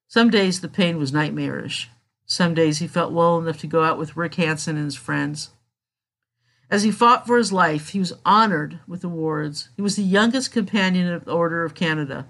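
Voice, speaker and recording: Measured solemn storytelling narrator. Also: mid-range voice, fairly bright tone.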